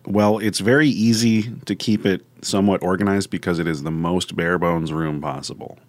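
A man's voice: low voice, fairly even intonation, normal speed, dry recording. A man playing a tabletop game, joking and narrating what his character does. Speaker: player. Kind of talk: casual tabletop game play.

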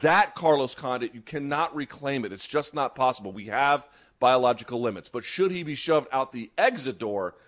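A man co-hosting a sports talk show, giving fast, animated, opinionated takes. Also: mid-range voice. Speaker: podcast co-host. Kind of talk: casual sports chat.

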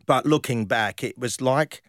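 A man's voice: mid-range voice, unhurried, dry recording, clean studio sound. An Australian man in his fifties, a former footballer, telling casual stories in an interview with lots of fillers and restarts. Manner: animated anecdotes with many fillers and restarts. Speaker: guest, former professional footballer.

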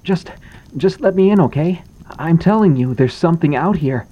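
A man voicing a panicked teenage boy locked outside at night, pleading and shouting to be let in. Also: on the high side, expressive, measured pace, muffled recording, pitched above the performer's own voice.

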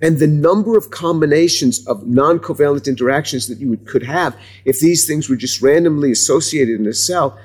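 A man with a slightly husky voice talks through cell chemistry in an interview. He speaks haltingly, repeating words and restarting sentences as he explains. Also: on the high side, darkish tone. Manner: hesitant, many restarts, explanatory. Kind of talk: conversational interview.

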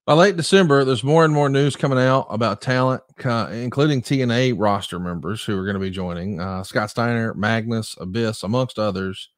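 A man's voice: mid-range voice, a little fast, few pauses, dry recording. Man hosting an interview, dry sound. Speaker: podcast host. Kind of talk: interview questions.

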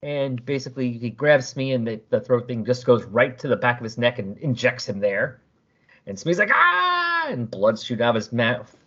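Husky-voiced man recapping a comic. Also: mid-range voice, normal speed. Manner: animated storytelling with voices. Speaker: podcast host. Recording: dull lo-fi recording.

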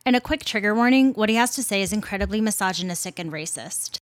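A woman's voice: mid-range voice, lively intonation, quick pace, music in the background. A woman in her thirties hosting a ranting commentary show, indignant, blunt and sarcastic. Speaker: host.

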